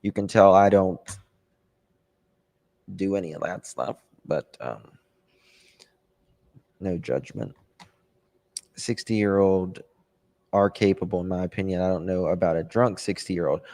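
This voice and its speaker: A man hosting a casual true crime livestream, thinking aloud and answering viewer comments with hesitant ums and pauses. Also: low-pitched, darkish tone. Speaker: true crime channel host. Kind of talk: casual livestream chat about a case.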